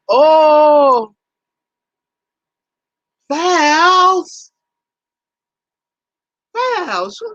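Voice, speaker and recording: Woman, casual livestream chat, animated, exclamatory, muffled sound, dead dry room. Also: lowish voice, dry recording. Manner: animated, exclaiming, teasing viewers by name. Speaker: livestream host.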